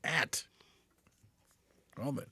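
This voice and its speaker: A podcast co-host in casual chat, dropping quick wry jokes into the other host's stories. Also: female voice, pushed and bright, no room sound, studio quality. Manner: quick joking interjections, wry.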